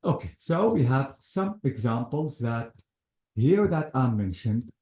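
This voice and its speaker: A man's voice: medium pitch, very animated, unhurried, a little mellow. A man teaching an English grammar lesson, patiently repeating points and checking that the student follows.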